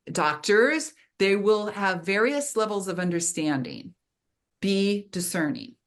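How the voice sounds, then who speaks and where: A middle-aged woman giving a webinar talk on trauma healing, gently acting out inner voices in quotes. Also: medium pitch.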